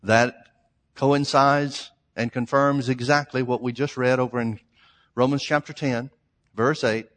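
A man's voice: medium pitch, steady tone, measured pace, fairly bright tone. A man preaching a sermon, emphatic, stretching out the scripture lines he reads. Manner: emphatic, reads scripture in old-style phrasing. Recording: long hall reverb.

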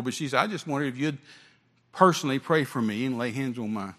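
A man's voice: medium pitch, fast talker, a bit bright. An older man, an evangelist preaching a sermon full of stories, emphatic and repetitive, with stammering restarts. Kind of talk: sermon storytelling. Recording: long reverb of a hall.

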